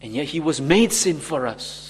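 A man preaching a sermon slowly and emphatically, acting out the mockers in quoted voices. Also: fairly high pitch, lively intonation, big-room sound.

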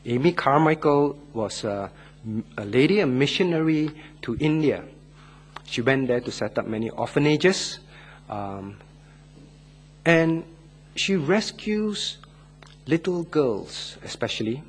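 Over a little hiss or hum, a mid-range male voice earnestly preaches a sermon and leads the closing prayer. Loud, emphatic words give way to hushed passages, and he draws out key words slowly.

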